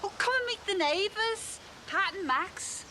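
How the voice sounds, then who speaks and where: An actress playing a brash, chatty woman neighbour, calling out loudly and drawing her words out. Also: very high-pitched, animated, full character voice. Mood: brassy. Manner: loud, brassy, drawn-out calls. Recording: noisy TV broadcast sound.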